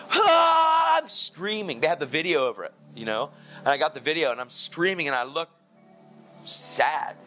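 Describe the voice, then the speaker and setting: A man with a mid-range voice preaches an energetic sermon, sharing his testimony casually with lots of "dude" and "like" and acted-out dialogue.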